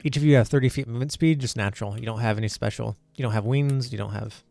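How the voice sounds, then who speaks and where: A man's voice: medium pitch, quick pace, creaky, darkish tone, no echo. A man acting as game master, explaining game rules in a loose, casual way with many fillers. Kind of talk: casual tabletop game narration.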